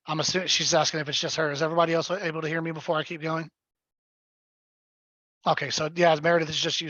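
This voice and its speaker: A man's voice: fairly high pitch, sharp tone, no room sound, dull audio. A man coaching real estate agents in a live webinar, blunt and emphatic, often checking in with his listeners. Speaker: real estate sales trainer.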